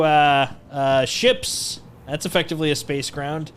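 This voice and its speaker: A man's voice: on the high side, expressive, unhurried, clear, resonant tone. Playful rambling male streamer. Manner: rambling, playful, jokey, with frequent restarts. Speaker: livestreamer. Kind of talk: casual gameplay commentary.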